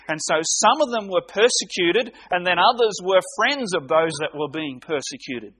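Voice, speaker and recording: A man preaching an expository sermon, reading scripture aloud with slow, emphatic delivery and dramatic pauses. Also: high-pitched, expressive, fairly bright tone, breathy edge.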